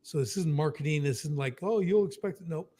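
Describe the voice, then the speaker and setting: A man's voice: fairly high pitch, mellow. A man explaining business strategy in a casual, emphatic way, often tagging "right?" and acting out short exchanges. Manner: emphatic, keeps adding "right?", acts out quick dialogue. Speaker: business coach.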